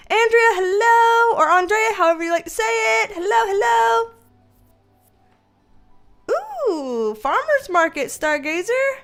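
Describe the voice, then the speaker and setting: A high-pitched woman chats casually on a livestream. She greets her viewers one by one and laughs easily between remarks. Faint music plays behind her. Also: a bit bright. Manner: chatty, greets viewers by name, laughs often. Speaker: livestream host and tarot reader.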